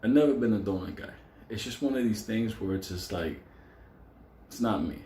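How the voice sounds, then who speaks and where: A man telling a profane, animated story in casual vlog style, laughing often and acting out quotes. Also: fairly low pitch, normal speed, reverberant, a little hiss or hum. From New York City. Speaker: storyteller vlogger.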